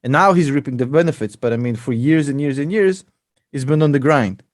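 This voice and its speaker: A man's voice: a little high, fairly quick, no room sound, studio quality. A man, an investor and podcast co-host, chatting casually and joking a lot. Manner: laughs a lot, calls people bro.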